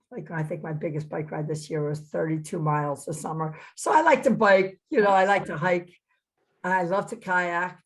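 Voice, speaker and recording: A middle-aged woman, a PE teacher, chatting as an interview guest and acting out her own reactions as she tells her story. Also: deep voice. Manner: animated, acts out her own reactions in quotes.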